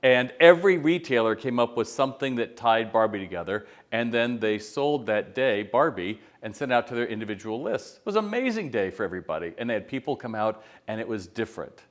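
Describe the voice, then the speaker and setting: A man's voice: lowish voice, expressive, moderate pace, few pauses. A middle-aged man giving casual, conversational retail business advice straight to camera and acting out quotes as he tells stories. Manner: conversational storyteller, acts out quotes. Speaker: retail consultant.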